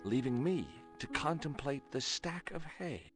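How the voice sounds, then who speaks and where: A man's voice: mid-range voice, lively intonation, measured pace, natural voice. An actor playing a wry young male adventurer who narrates his own exploits in a dry, matter-of-fact way. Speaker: game protagonist narrating. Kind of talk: scripted game voice acting. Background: game music.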